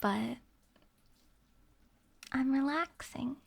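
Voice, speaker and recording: A woman streamer chatting in a soft, half-whispered ASMR voice, giggling often and sounding sleepy. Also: high voice, drawn-out words, gravelly, husky. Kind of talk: soft-spoken ASMR chat. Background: rain ambience.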